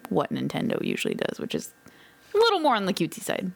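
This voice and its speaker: A woman's voice: fairly low pitch, wildly swooping pitch, fast, creaky. A woman co-hosting a podcast in casual chat, giggly and chatty. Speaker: podcast co-host.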